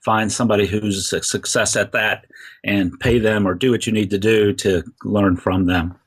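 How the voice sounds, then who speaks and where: A man's voice: lowish voice, steady tone, moderate pace, husky. A man as a podcast guest, talking earnestly and rambling with many fillers. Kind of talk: casual interview talk.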